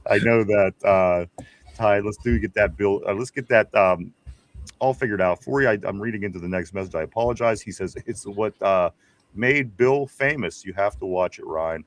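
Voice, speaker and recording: A man's voice: on the low side, moderate pace, dry recording. A man with a Pittsburgh accent hosting a live sports stream, reading viewer comments aloud in a rambling, casual way. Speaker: podcast host.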